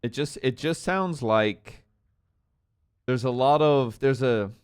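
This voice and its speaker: A man playing a calm, easygoing sheriff in a role-play game, talking casually with plenty of "you know". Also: mid-range voice, slow, clear, resonant tone, dry recording, clean studio sound, natural voice. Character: laid-back male sheriff. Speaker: sheriff character.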